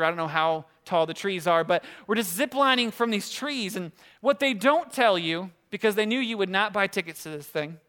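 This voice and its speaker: A young man preaching a casual sermon, telling stories in a conversational, animated way and acting out quotes. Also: high voice, smooth. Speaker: pastor.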